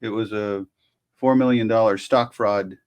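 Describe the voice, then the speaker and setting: A man's voice: on the low side, fairly even intonation, measured pace, darkish tone, clean tone. Chatty lawyer hosting a video channel, a man. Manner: chatty, self-amused. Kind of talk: casual video commentary.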